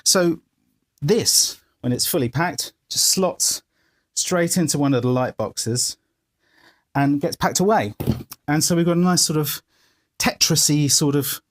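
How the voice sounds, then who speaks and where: A man's voice: on the high side, measured pace. Guy walking you round his music studio, chatty, explains his gear bit by bit. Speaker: musician giving a studio tour. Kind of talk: casual walkthrough. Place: band's music studio, indoors.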